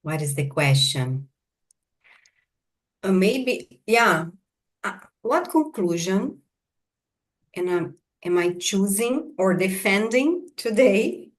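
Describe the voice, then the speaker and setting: Slow, hesitant woman guest. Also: mid-range voice, sing-song. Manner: slow, hesitant, searching for words. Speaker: podcast guest. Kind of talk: reflective conversation.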